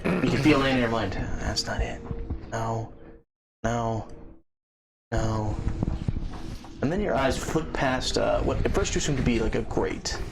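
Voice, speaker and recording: A man narrating a tabletop game as game master, describing scenes in a measured way with small hesitations. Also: mid-range voice, lively intonation, creaky. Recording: noisy home mic.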